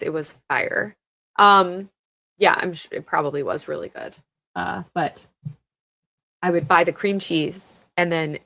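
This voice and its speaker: A young woman hosts a casual livestream, reading viewer comments aloud and answering them. Her voice sits a little low for a woman, and she talks in a loose, chatty way with frequent laughs and ums. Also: creaky, fairly bright tone. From New York State. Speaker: livestream host.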